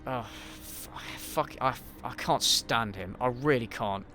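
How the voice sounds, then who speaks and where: Over music, a man answers viewer questions as a YouTube host on a casual gaming livestream Q&A, speaking slowly in a mid-range voice. He's blunt and sweary, with frequent ums and restarts.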